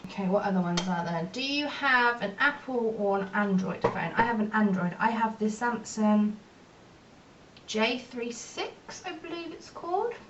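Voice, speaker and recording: A woman's voice: animated, unhurried, fairly bright tone. A young woman vlogging in a rambling, chatty, self-mocking way while doing her makeup at home. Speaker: beauty vlogger. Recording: distant, dull lo-fi mic with faint rumble.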